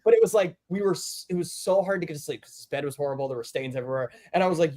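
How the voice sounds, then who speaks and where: Brief: man, fairly high voice, casual storyteller who acts out the quotes. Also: racing, hardly any pauses. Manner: animated, acts out quotes with big pitch swings.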